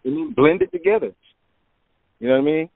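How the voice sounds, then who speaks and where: Relaxed man, fairly high voice, dry close sound, tinny phone-line quality, storytelling in a casual interview. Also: fairly quick, no echo. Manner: laid-back, peppers talk with "man" and "you know". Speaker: record producer guest.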